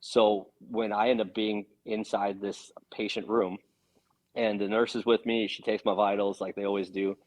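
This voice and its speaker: Low-voiced man telling a story. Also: normal speed, poor audio. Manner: earnest, animated storytelling with frequent swearing. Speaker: podcast guest. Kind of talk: casual storytelling.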